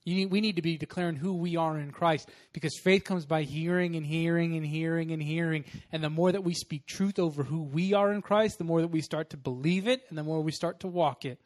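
A man, a young adult pastor, preaching a sermon in a casual, animated storytelling way. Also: on the high side, fairly quick, few pauses.

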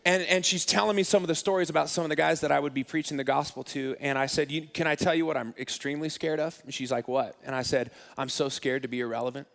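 A man's voice: on the high side, steady tone, fast, gravelly, few pauses, long reverb tail. A man preaching a sermon as pastor, telling a story in a conversational, self-deprecating, humorous way.

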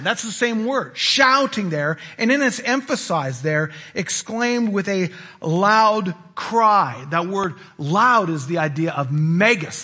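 A man preaching a sermon, animated, swinging between loud emphasis and hushed asides. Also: high voice, breathy edge. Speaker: pastor.

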